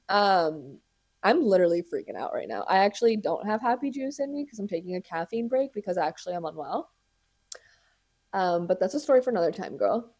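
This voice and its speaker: A woman's voice: medium pitch, expressive, a little fast, a little mellow. A young woman hosting a podcast, telling a story in casual chat, dramatic and profane, laughing often. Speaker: podcast host.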